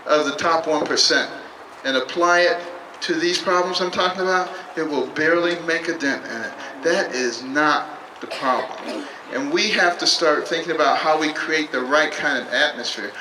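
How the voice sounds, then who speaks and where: Measured male speaker at a rally. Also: a little high, sharp tone. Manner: measured, emphatic, speaks in short phrases. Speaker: political candidate. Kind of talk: campaign speech. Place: public rally at a state capitol. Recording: echoey, distant mic, noisy.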